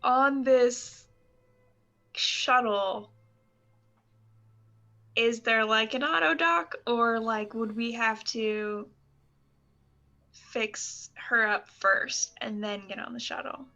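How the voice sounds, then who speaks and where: A woman's voice: on the high side, very slow, long pauses, pushed and bright, muffled recording. A woman playing a tabletop game, asking questions hesitantly with lots of ums. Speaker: player.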